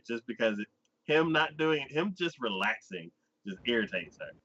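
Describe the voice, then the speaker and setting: Man, bright forceful tone, laid-back chat, lots of ums, lo-fi audio. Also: on the low side, animated, moderate pace, slightly rough. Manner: laid-back, laughs often, many ums. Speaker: podcast co-host. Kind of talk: casual anime chat.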